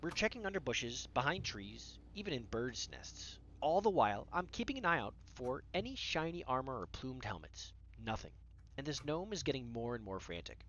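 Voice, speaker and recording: A narrator telling a whimsical story as a casual, conversational voice-over, animated with dramatic pauses. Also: medium pitch, muffled recording.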